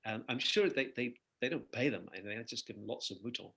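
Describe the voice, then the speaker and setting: An older man, a singer-songwriter guest in an interview, telling lively anecdotes and laughing between phrases. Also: medium pitch, quick pace, vocal fry, husky. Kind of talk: conversational interview storytelling.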